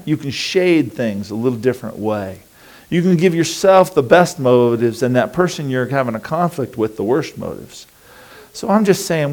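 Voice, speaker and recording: Male pastor, relaxed talky sermon delivery, slips into quick imitations of worried thoughts. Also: medium pitch. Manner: conversational and animated, acting out inner voices.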